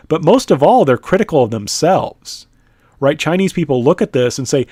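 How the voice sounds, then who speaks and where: A man's voice: medium pitch, fast talker, darkish tone, no room sound, studio quality. A man teaching a history lesson in a conversational lecture style. He often checks in with "right?", uses many "uh" fillers, and sometimes speaks in the voice of the people he describes.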